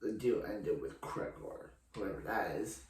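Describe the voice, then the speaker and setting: A man's voice: sits low, expressive, measured pace, a little mellow, a little hiss or hum. A man casually recapping a TV episode as a reviewer, rambling with lots of restarts and fillers. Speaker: TV show reviewer. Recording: echoey room.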